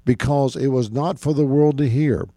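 A man's voice: mid-range voice, steady tone, normal speed, warm tone, dry recording. A man teaching the Bible as a pastor on a morning radio show, preaching earnestly, repeating key phrases and rising and falling for emphasis.

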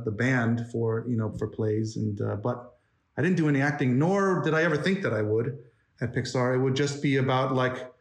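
A man in his forties from New York, chatting as an interview guest in a rambling way with many fillers and restarts. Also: mid-range voice. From New York, United States. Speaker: interview guest, animation story artist. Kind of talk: casual interview chat. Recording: roomy echo.

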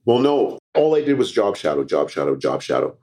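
A man's voice: fairly low pitch, very animated, fairly quick, a little mellow. A middle-aged Canadian man, a former TV reporter and comedian, telling stories in a casual interview and acting out quoted dialogue.

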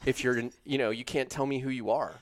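A man telling a long story in casual conversation, animated and profane, with lots of "like". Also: mid-range voice, quick pace, no echo, clean studio sound. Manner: profane, animated, uses "like" a lot. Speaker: storyteller guest.

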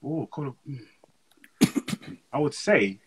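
A young man, chatting as an interview guest and telling animated, slangy stories. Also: medium pitch, slow pace, noisy background. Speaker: guest speaker. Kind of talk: casual interview chat.

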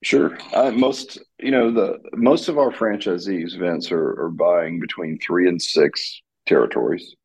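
A man as a guest on a podcast, speaking in a measured, reflective way. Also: sits low, creaky, a little mellow, slight background noise. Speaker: guest, business owner. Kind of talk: casual interview chat.

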